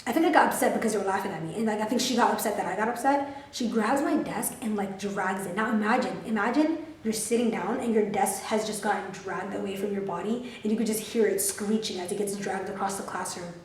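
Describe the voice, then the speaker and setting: A woman in her twenties telling a storytime to her camera, animated, profane and full of "like" fillers. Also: medium pitch, fast, hardly any pauses, far from the mic. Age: 20s. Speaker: vlogger. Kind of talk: storytime vlog. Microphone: camera filming herself. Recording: roomy, mic set back.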